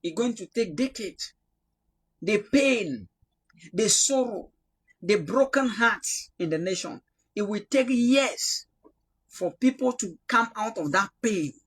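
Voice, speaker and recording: Cameroonian prophet guy, husky voice, fired-up preaching then soft praying. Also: high voice, expressive, slow. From Northwest Cameroon. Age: young adult. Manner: impassioned, denouncing, swings between loud rebuke and quiet prayer. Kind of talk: prophetic sermon.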